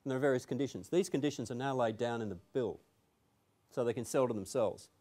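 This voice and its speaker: A man's voice: medium pitch, fast talker, dark tone. A man presenting a legal seminar to an audience in a room, talking conversationally with emphatic asides.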